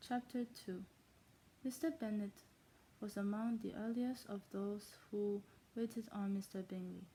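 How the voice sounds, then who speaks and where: Halting reader in a fake German accent, a woman putting it on, mellow dark tone, stumbles and rereads. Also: medium pitch, fairly even intonation, slight background noise, natural voice, poor audio. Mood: careful reading. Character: female reader of a classic novel in a mock accent. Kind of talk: reading aloud.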